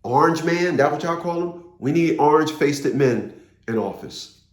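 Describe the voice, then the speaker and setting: A man's voice: a little high, lively intonation, moderate pace, echoey room. A man ranting in a casual political monologue, rambling, repeating himself and swearing. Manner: rambling, repeats words, profane. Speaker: political commentator.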